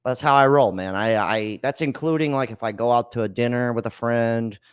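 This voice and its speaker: This man's mid-range voice is brisk and smooth, recorded at studio quality without echo. He hosts a call-in podcast from his Florida home studio, casually ranting and swearing bluntly about what it costs to live.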